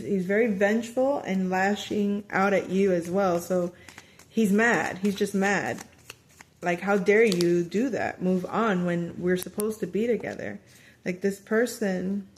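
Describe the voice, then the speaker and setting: Chatty woman giving a tarot reading. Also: mid-range voice. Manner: chatty, animated, quoting dialogue in voices; frequent fillers and restarts. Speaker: tarot reader. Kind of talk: casual spoken tarot reading.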